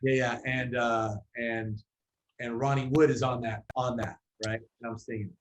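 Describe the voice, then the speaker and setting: A male musician telling a story as an interview guest. His voice sits at a middle pitch, and his delivery is loose and chatty, full of "like"s and restarts. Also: moderate pace, a little hiss or hum, low-quality recording. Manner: animated storyteller with many fillers and restarts.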